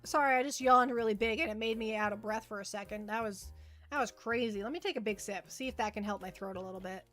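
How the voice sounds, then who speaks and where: A woman's voice: mid-range voice, quick pace, a bit bright, faint music behind. A young woman livestreaming casual chat, rambling and repeating words as she answers her chat.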